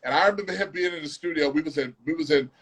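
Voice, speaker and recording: Male producer, higher register, animated storyteller who hums melodies mid-story. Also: very fast, slightly rough. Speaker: music producer. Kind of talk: casual storytelling.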